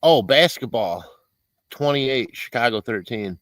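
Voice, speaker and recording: A man's voice: medium pitch, expressive, unhurried, a bit bright, no room sound. A middle-aged man hosts a casual live stream, cooking and chatting away while he reads out viewer comments. His voice swings up and down a lot, and he is recorded close and dry, with no room sound.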